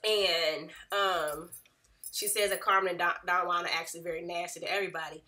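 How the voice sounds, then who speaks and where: Chatty bright-voiced young woman. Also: on the low side, a little fast. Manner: chatty, gossipy, animated retelling. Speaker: reality TV recapper. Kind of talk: casual recap vlog.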